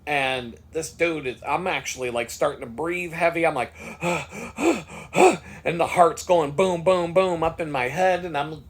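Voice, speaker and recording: Man vlogger, husky voice, slightly high, profane, fired-up storytelling. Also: fairly bright tone. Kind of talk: casual storytelling monologue.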